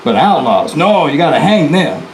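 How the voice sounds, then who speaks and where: In a very animated, slightly high voice at normal speed, a male reenactor plays a bragging, defiant bank-robbing outlaw, talking straight to an indoor audience in folksy first person with chatty asides. The audio is poor, reverberant and carries a little hiss or hum.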